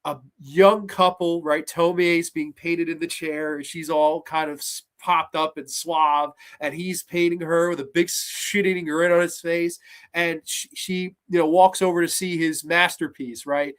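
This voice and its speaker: Animated high-voiced man reviewing horror films. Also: unhurried. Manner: animated, profane, acts out scenes in voices. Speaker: horror podcast host. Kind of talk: casual film review.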